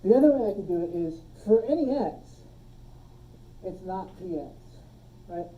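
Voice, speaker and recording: A woman teaching a logic class, relaxed, quizzing her students and joking with them, recorded on a phone in a classroom. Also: mid-range voice, moderate pace, distant mic, muffled recording, slight background noise. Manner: relaxed, asks the class questions and jokes. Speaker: logic instructor. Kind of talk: classroom lecture. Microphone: phone streaming the class.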